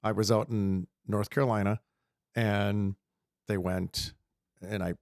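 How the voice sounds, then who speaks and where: A man's voice: lowish voice, little pitch movement, a little slow, vocal fry, a little mellow, no room sound, studio quality. A man co-hosting a podcast, chatting casually about his own time as a dog handler. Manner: chatty, sharing own experience. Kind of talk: casual interview chat.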